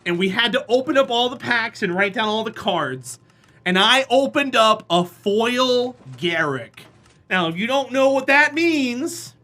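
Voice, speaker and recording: A live streamer telling rambling, animated stories in a casual chat with viewers, often slipping into acted voices. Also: mid-range voice.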